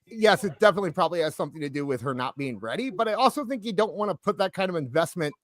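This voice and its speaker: A man's voice: sits high, animated, racing, no room sound, studio quality. A man on a live-stream panel giving his opinions in a rambling way, full of hedges and restarts. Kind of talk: casual live-stream chat.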